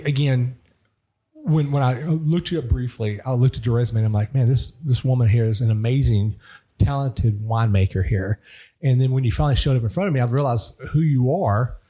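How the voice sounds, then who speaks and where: A young man with a Texan accent hosts a conversational podcast interview. His voice is husky and mid-pitched, and he talks in a friendly, rambling way, repeating words as he goes. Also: dark tone. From Texas. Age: young adult. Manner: chatty, laughs often, repeats words. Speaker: podcast host.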